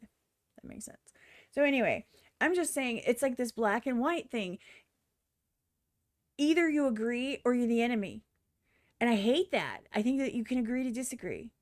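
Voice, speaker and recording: A woman's voice: fairly high pitch, normal speed, long pauses, no echo, studio quality. Blunt, profane woman reacting on stream. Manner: animated, mocks others in exaggerated voices. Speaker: streamer reacting to a music video. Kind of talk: casual reaction commentary.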